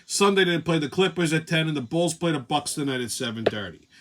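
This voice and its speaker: Lively, profane comic host. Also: male voice, on the high side, a little fast, noisy background. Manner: profane, laughs at his own jokes. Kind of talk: comedic monologue podcast.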